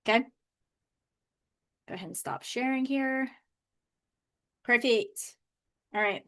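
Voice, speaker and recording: A woman's voice: on the high side, takes it slowly, fairly bright tone. A woman coach chatting casually on a live stream from her home office, bubbly and loose, with lots of "like" fillers. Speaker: manifestation coach.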